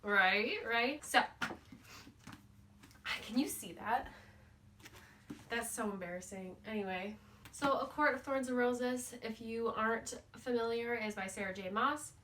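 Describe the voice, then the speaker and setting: A woman's voice: a little high, a little slow, pauses often, sharp tone, slight background noise. Woman, book vlogger, casual playful recap, keeps saying like, sits a bit far from the mic. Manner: chatty, playful, says "like" constantly.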